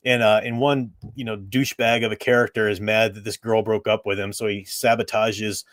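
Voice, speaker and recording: A man's voice: lowish voice, flat delivery, brisk, few pauses, a bit bright, dry recording. A man hosting a casual review show, talking enthusiastically and rambling with frequent restarts. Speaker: host reviewing games.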